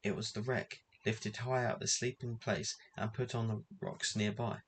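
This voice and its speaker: A man reading a children's adventure book aloud in an even, measured way. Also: lowish voice, slight background noise. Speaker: reader.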